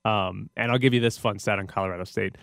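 A man's voice: fairly low pitch, steady tone, quick pace, gravelly, fairly bright tone, clean tone, no echo, studio quality. A man hosting a sports talk radio show, breaking down games in a casual, chatty way. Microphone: studio microphone.

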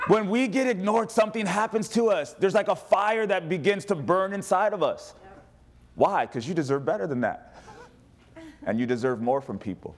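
A man preaching a sermon as pastor, animated and humorous, calling on the congregation to respond. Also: high voice, moderate pace, pauses often.

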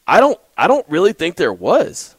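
A man's voice: high voice, wildly swooping pitch, normal speed, husky, no echo. A man hosting a call-in sports radio show, chatty, often laughing and restarting his sentences.

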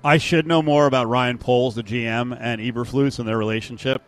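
A man's voice: medium pitch, fairly quick, faint music behind. A man co-hosting a sports talk radio show, rambling and joking between opinions. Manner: animated, rambling, joking asides. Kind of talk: casual sports radio banter.

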